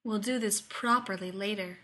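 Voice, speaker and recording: A laid-back male pilot with a slow, unhurried drawl, put on by a woman reading a story. His voice comes out bright and crisp. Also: mid-range voice. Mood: firm.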